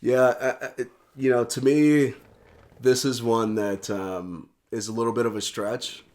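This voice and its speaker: A man co-hosting a podcast, recapping a TV episode in relaxed, agreeable casual chat. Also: medium pitch, measured pace. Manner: relaxed, agreeable, with frequent fillers and restarts. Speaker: podcast co-host.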